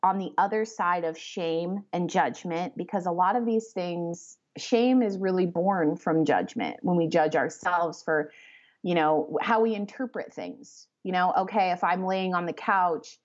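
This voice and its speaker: A woman author talking as a podcast guest, rambling and animated, with many fillers as she explains her ideas. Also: lowish voice, measured pace. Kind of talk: conversational interview. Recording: slightly muffled lo-fi audio.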